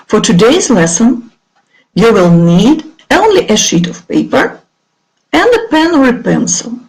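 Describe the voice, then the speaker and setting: A middle-aged woman teacher with a Russian accent leads an online English lesson at an unhurried pace. Her fairly high voice swoops up and down as she drills each word. A gravelly fry creeps into her speech. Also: darkish tone, poor audio. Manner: slow, clear teacherly delivery, drawing out words for pupils to repeat.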